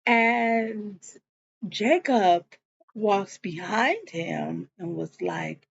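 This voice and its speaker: A woman's voice: mid-range voice, big pitch swings, drawn-out words, creaky. A woman giving a chatty, slangy, casual recap of a TV episode. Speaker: show recapper. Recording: dull lo-fi recording.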